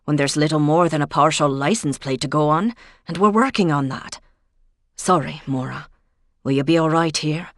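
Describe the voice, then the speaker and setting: Woman voicing a calm village policeman, measured, apologetic, low, dry. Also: dry recording.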